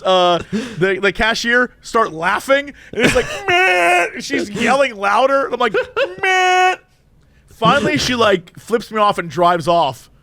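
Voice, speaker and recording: A man co-hosting a podcast, telling a story in casual chat and acting out both sides with high and low voices. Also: bright, forceful tone, no echo. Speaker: podcast co-host.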